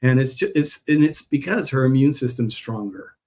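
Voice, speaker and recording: A man's voice: mid-range voice, lively intonation, moderate pace, a little mellow. A man chatting casually on a live stream while packing orders, telling rambling stories in a friendly sales manner. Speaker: herbal pet supplement seller.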